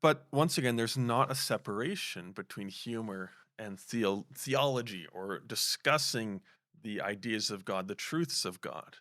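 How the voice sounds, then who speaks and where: A man with a somewhat low voice hosts a casual podcast interview. He asks long, winding questions, and the recording is dry with little room sound. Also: measured pace, fairly bright tone, no echo. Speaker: podcast host.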